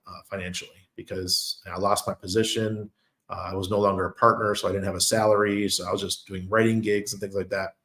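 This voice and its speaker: New york guy rambling on his channel, kinda low voice, laughs a lot. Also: fairly bright tone. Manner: chatty storyteller, laughs often. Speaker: crypto channel host. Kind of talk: casual monologue.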